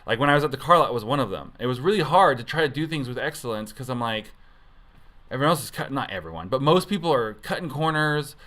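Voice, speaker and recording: A man's voice: mid-range voice, animated, fast, a bit bright. A man giving a casual devotional talk as a youth pastor, rambling and conversational, often correcting himself mid-sentence.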